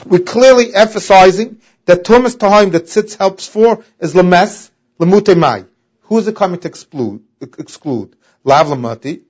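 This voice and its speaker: Man, high voice, Talmud lesson, sing-song emphasis, muffled lo-fi audio. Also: a little mellow. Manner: sing-song, rises and stresses key words. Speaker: Talmud teacher. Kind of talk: Talmud lesson, reading and explaining. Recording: dull lo-fi audio.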